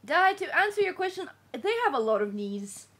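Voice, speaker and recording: A woman's voice: high voice, very animated, normal speed, fairly bright tone. A woman co-hosting a gaming stream, teasing and reading viewer messages aloud. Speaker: co-host reading chat. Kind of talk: casual gaming chat.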